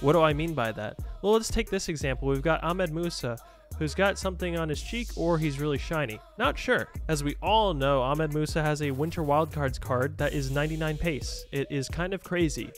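A young man giving jokey, excitable commentary on his own football video game match, shouting at his players. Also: on the high side, moderate pace, soft background music. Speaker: gaming YouTuber. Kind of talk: casual gameplay commentary.

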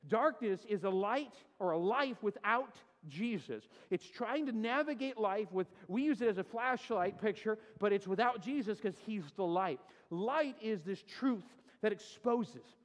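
A man's voice: sits high, a little slow, hardly any pauses, in a large hall. A man preaching a sermon as pastor, telling a humorous story and acting out the voices in it, then turning to scripture. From California. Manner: animated storyteller, acts out quotes, self-deprecating humor. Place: church sanctuary.

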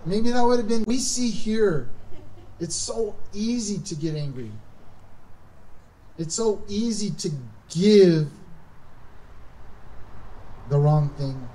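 A man preaching a sermon as pastor, animated, acting out quoted voices with emphatic rises. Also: high voice, slow pace, pauses often, distant mic, slight background noise, low-quality recording. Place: church.

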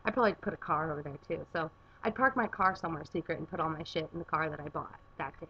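Gravelly-voiced young woman vlogging casually. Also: low voice, fast, lo-fi sound, a little hiss or hum. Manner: rambling, chatty, with filler words. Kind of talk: casual vlog chat. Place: home garage.

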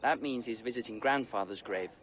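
An actor playing a defiant, sarcastic young Viking prince. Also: male voice, medium pitch, fairly quick, fairly bright tone, slight background noise, lightly acted. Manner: sarcastic, insolent.

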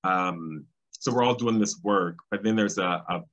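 Low-voiced man, thoughtful and halting. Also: a bit bright. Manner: thoughtful, with frequent ums and restarts. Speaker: guest, civil rights state director. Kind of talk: casual interview conversation. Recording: slightly dull, lo-fi sound.

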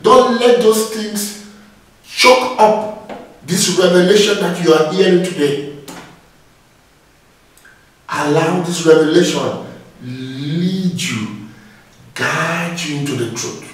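Man preaching slow, high voice, far from the mic in a really echoey room. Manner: exhorting, repeats phrases with "Praise God". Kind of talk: sermon.

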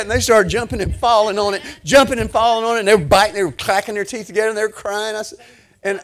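An older pastor preaches a sermon through a lively personal story, speaking fast and swinging from low murmurs to loud, excited bursts.

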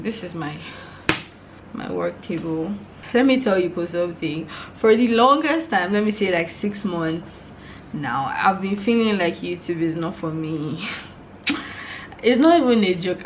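A young Nigerian woman in her twenties chats casually with her viewers in a home vlog from her room indoors, speaking frankly and laughing often. Her voice is on the low side. The recording is rough, with a little hiss or hum.

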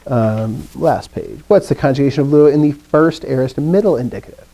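A man teaches a class in a classroom. His voice is mellow and warm, with a pitch in the middle range. He recites drills and then explains things in a loose, chatty way, asking the students questions. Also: fairly quick, few pauses. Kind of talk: classroom lesson.

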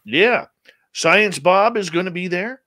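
Bright, energetic male radio host. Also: takes it slowly, dry recording. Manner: energetic, jokey announcer delivery with big pitch jumps. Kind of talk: radio talk show hosting.

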